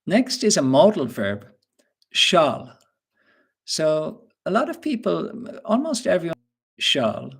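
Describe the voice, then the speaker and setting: A man with an Irish accent teaching English in a webinar, explaining words slowly and patiently with examples. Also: a little high, huge pitch swings, gravelly, fairly bright tone, slightly rough. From Ireland. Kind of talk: webinar lesson.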